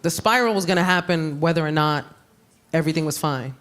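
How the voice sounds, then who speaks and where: A woman with a New York accent performing live stand-up comedy, brash and animated, with sudden loud jumps on her punchlines. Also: low voice, brisk. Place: comedy club stage with audience. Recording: live club recording with room noise.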